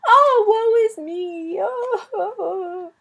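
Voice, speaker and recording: A woman's voice: high voice, lively intonation, moderate pace, pitched above the performer's own voice. A woman voicing a melodramatic young princess who wails and declaims in old-fashioned speech. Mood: wailing. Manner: wailing, theatrical.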